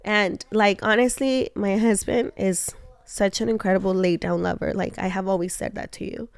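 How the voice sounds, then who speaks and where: A young adult woman telling a personal story in an animated way to her husband, laughing often and acting out the lines she quotes. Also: medium pitch, moderate pace, clean tone, dry recording. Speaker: co-host of a couple's talk show.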